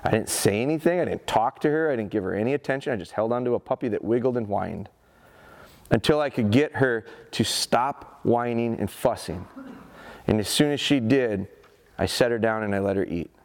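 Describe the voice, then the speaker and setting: A man in his forties giving a live dog training seminar, telling stories in an animated, folksy way and speaking to the audience. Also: mid-range voice, fairly quick. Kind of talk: live seminar talk with demonstration. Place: seminar hall at an outdoor show.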